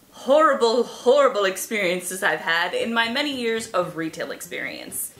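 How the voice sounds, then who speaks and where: A young woman telling retail stories to camera in a sarcastic, animated way, swearing freely. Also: medium pitch. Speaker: vlogger. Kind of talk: casual storytelling to camera. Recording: echoey room.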